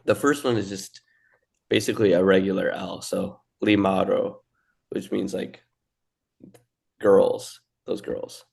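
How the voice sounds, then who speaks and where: Low gravelly man explaining casually. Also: fairly even intonation, unhurried, pauses often, darkish tone. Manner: loose, hesitant, filler-heavy explaining. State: coughing. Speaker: language teacher. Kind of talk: casual lesson chat.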